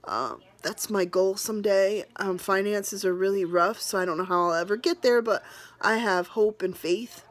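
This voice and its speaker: A woman's voice: mid-range voice, steady tone, moderate pace. A woman from New England talking earnestly in a personal vlog, emotional and near tears, rambling with restarts. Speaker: vlogger.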